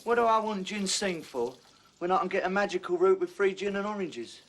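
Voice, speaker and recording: An actor playing a cheeky, boastful builder in a TV comedy drama. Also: male voice, sits high, expressive, a little fast, a bit bright. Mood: cheeky boasting. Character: cocky womanising builder.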